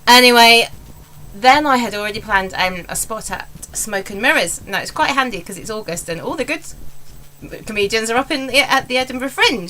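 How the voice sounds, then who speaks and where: A woman's voice: mid-range voice, pushed and bright, slight background noise, rough recording. An English woman in her forties, a stand-up comedian, talking candidly and rambling in a casual vlog. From England. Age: 40s. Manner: candid, rambling, self-deprecating.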